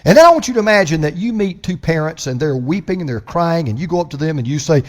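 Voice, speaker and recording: A man preaching a sermon as pastor, impassioned, swinging from loud proclamation to hushed storytelling. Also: fairly high pitch, lively intonation, fast talker, hardly any pauses.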